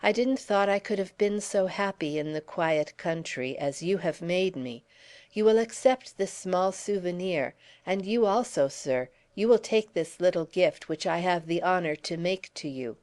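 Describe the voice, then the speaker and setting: A woman's voice: fairly low pitch, lively intonation, unhurried, a little mellow. A woman doing a mocking nobleman. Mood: courtly. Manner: grandly polite, teasing, exclaiming. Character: theatrical French nobleman, mocking and flamboyant. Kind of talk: audiobook character voice.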